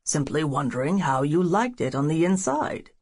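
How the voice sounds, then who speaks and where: A woman's voice: low voice, sing-song, moderate pace, darkish tone, heavily acted. A woman voicing a stern, controlling middle-aged businessman father in an audiobook, talking in a reproving way. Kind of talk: audiobook character voice.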